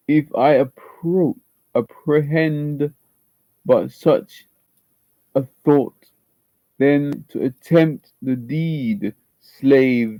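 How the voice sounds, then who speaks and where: A man's voice: medium pitch, dry recording. A man attempting a Texas accent while performing a monologue as a tormented young man in guilty love, stumbling and repeating words. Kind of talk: dramatic audition monologue. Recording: slightly muffled lo-fi recording.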